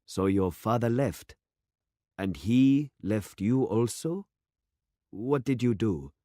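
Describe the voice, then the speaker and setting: A man voicing a grave, elderly village pastor in a story read aloud, speaking slowly and formally. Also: lowish voice, expressive, dark tone, dry recording, clean studio sound, voice pushed up. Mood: solemn. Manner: slow, solemn and formal.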